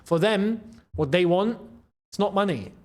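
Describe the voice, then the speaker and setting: A man hosts a football channel, chatting straight to his viewers in a loose, excitable way. His voice sits high and swings widely in pitch, rising sharply whenever something amazes him. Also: measured pace. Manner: animated, excitable, with frequent laughs and repeated phrases. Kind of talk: casual football commentary to camera. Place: in the Gulf region.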